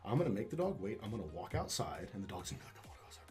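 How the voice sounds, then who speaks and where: A man's voice: on the low side, very animated, rapid-fire, a little mellow, faint music behind. A man speaking as a dog trainer being interviewed, talking casually and emphatically, swearing and repeating words as he restarts.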